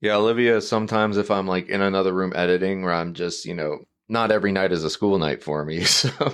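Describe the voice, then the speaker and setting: A man's voice: sits low, fairly even intonation, fast, fairly bright tone, clear, resonant tone. A man hosting a podcast, chatting casually and laughing along. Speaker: podcast host. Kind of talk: casual chat.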